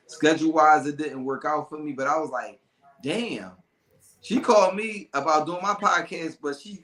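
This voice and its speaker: A man hosting a casual podcast chat, animated and loose with slang, often laughing. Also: fairly high pitch, echoey room, rough recording. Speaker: podcast host.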